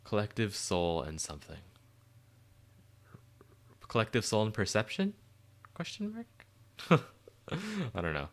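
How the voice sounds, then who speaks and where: A man hosting a livestream, chatting casually and excitedly while answering chat questions, rambling with lots of fillers. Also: lowish voice, a little slow, long pauses.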